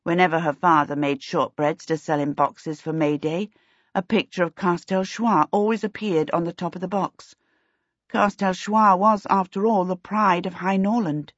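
A female audiobook narrator reads a novel in a measured, even storytelling style. Her voice is fairly low, and the lo-fi recording sounds dull and dry.

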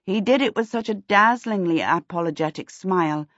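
In a slightly dull, dry recording without echo, a woman serves as audiobook narrator, reading a storybook calmly and steadily. She uses a mid-range voice at a normal speed for the scripted narration.

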